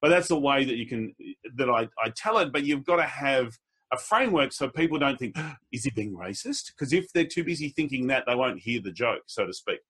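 A man, a public speaker, telling anecdotes in a relaxed conversation, with a husky voice. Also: fairly quick. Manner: storytelling, slips into quoted voices with pitch jumps. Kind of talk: casual conversation.

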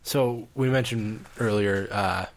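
A man's voice: lowish voice, slow pace. A man co-hosting a film review podcast, talking casually and often trailing off mid-thought. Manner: hesitant, restarts and trails off. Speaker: podcast co-host reviewing films. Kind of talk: casual chat.

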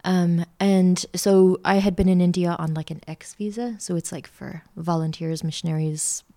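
A middle-aged woman, a podcast guest telling a lively travel story with lots of fillers. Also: lowish voice, moderate pace. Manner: chatty, animated anecdote-telling with many fillers. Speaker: interview guest, art school founder. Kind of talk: casual storytelling.

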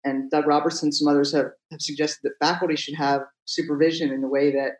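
A man's voice: fairly high pitch, flat delivery, quick pace. Reflective man in a roomy space. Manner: thoughtful, reflective explaining. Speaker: podcast guest, college teacher. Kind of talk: conversational interview.

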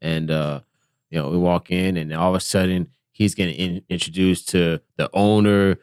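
A man who is a combat veteran, speaking in casual chat with a stutter and halting restarts. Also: deep voice, fairly even intonation, clear, resonant tone, dry recording, studio quality. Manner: stuttering, halting, trails off quietly.

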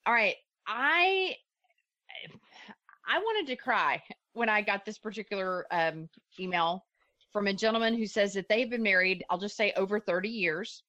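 Female podcast co-host, frank and plainspoken, mid-pitched, dry close-miked sound. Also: moderate pace, sharp tone, no room sound, highs cut off. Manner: frank, down-to-earth advice. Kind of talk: casual chat.

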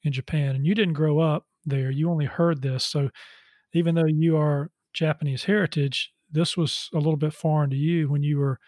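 A man's voice: on the high side, fairly even intonation, normal speed, darkish tone, no room sound. A man hosting an interview, speaking with a hesitant manner and many fillers. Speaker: interview host.

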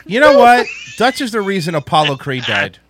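A man co-hosting a comedy podcast, teasing and mocking the others with loud jabs. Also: high voice, huge pitch swings, normal speed, noisy background. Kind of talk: casual comedic chat.

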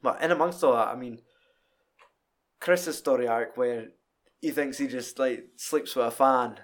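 A young Scottish man in casual chat, animated, swearing freely and acting out scenes with laughter. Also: mid-range voice, measured pace.

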